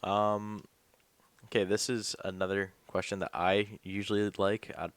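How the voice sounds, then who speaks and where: A young man talks in a loose, rambling podcast chat, dropping the odd swear word. His voice sits very low. The sound is dry and close. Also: little pitch movement, a little slow, clear, resonant tone, no room sound. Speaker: podcast host.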